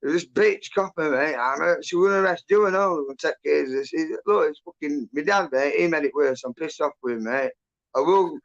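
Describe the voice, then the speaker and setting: Gravelly, sweary man. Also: fairly high pitch, fairly quick. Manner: sweary, rambling, agitated. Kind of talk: casual chat, storytelling. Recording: muffled lo-fi audio.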